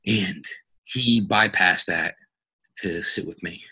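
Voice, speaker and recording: A middle-aged police officer speaks low and husky with a forceful, bright edge. He tells his story haltingly and earnestly, stopping often to restart and fill pauses as a podcast guest. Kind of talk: personal story in a podcast interview.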